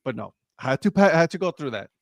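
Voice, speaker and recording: Co-host, male, lively storyteller, slightly high voice, dry mic. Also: racing, no room sound. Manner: animated storyteller, acts out dialogue. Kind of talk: casual sports chat. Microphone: live stream remote mic.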